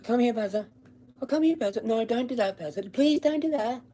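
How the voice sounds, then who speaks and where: Australian man doing a shrill, whiny, pleading dog owner, no authority at all. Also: animated, a little fast, warm tone, slight background noise.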